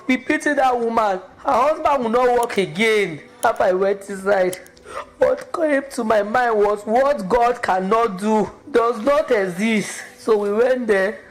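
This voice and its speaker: A woman with a Nigerian accent giving a fervent church testimony, breaking into high exclamations. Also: poor audio. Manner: fervent, exclamatory, with sudden high emotional cries. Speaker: testimony giver.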